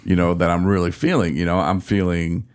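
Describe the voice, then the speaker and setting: A man from telling a frustrated story in casual podcast chat, acting out his own quotes with animated exasperation. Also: sits low, brisk, smooth. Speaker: podcast host.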